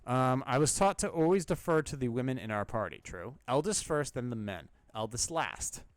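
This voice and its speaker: Male podcast host, mid-pitched, dry close sound, blunt and sarcastic, swears casually while giving advice. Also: expressive, normal speed, dry recording. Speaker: podcast host answering listener questions.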